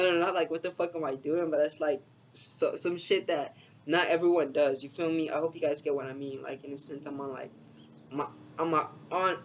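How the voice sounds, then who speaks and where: Laid-back slangy young man, lo-fi. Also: on the high side. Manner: laid-back slangy talk, heavy swearing and fillers. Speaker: spiritual vlogger. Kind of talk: casual rambling storytelling. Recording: dull lo-fi sound with faint background hiss.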